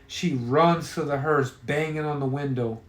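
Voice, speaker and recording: A man's voice: fairly high pitch, measured pace. Profane man telling a story in an echoey room. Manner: profane and offhand. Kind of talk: crude casual storytelling.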